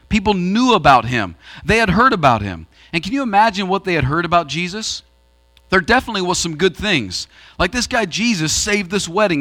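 Bright-voiced man preaching with a mains hum. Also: fairly high pitch. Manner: animated preaching, swings between loud and hushed. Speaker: pastor. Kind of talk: sermon. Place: church auditorium.

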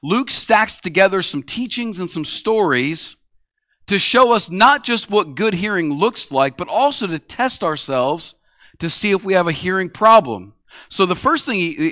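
Man, pastor, conversational sermon, bright tone, dry room. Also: sits high, no echo. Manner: conversational preaching, acts out quoted voices.

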